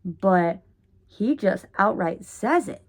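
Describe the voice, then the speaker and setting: A woman rambling in a casual vlog monologue at home, oversharing and jumping between topics with sudden loud bursts. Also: medium pitch, expressive, takes it slowly. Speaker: vlogger.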